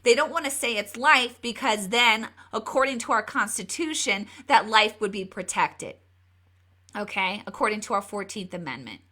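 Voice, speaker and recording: A woman's voice: moderate pace, sharp tone. A woman hosting a live political commentary video, emphatic and given to repeating words as she talks. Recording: re-downloaded lower-quality video.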